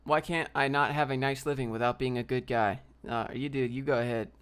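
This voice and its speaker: A man's voice: medium pitch, steady tone, a little fast, fairly bright tone, clean tone. A young man hosting a casual livestream, ranting in a brash, slangy way and reading out viewer comments. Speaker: livestream host.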